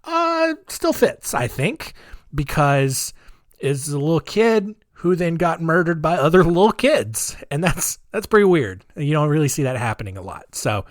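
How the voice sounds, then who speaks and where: A man's voice: on the high side, big pitch swings, a little slow, dry recording, studio quality. A man hosting a podcast, telling a story in a chatty, rambling way with sarcastic asides. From United States. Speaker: podcast host.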